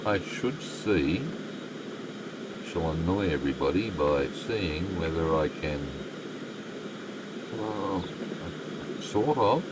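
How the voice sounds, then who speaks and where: A man's voice: sits low, expressive, takes it slowly, pauses often, very noisy. An Australian man live-streaming a game, chatting with viewers and muttering asides to the game. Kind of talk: live stream commentary, reading chat.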